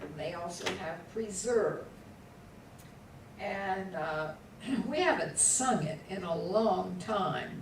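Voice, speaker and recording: A woman teaching a class, patiently drilling words aloud and asking students to repeat them syllable by syllable. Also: medium pitch. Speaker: Hebrew teacher. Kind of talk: classroom lesson. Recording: echoey room, voice from far off, faint background hum.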